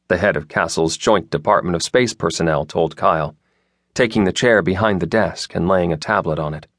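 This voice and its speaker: A man narrating a science fiction audiobook in a steady, even storytelling manner. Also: sits low, moderate pace, no room sound, studio quality.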